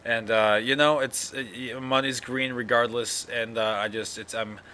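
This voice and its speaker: A sleepy man rambles through his own podcast in a loose solo monologue, swearing freely and yawning between thoughts. His voice is bright and forceful at an ordinary pitch. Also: steady tone, normal speed, a little hiss or hum. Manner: rambling, yawning, profane, full of fillers. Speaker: podcast host.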